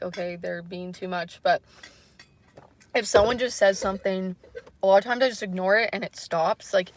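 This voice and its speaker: Female streamer, casual chat to viewers, soft and apologetic, hesitant with lots of fillers. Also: on the low side, slight background noise. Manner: hesitant, rambling, many fillers. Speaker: livestreamer.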